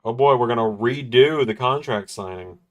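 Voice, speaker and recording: A man's voice: mid-range voice, normal speed, dull audio. A man hosting a livestream watch-along, chatting casually in a rambling, laid-back way with the occasional chuckle. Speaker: livestream host. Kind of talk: casual chat during a wrestling watch-along.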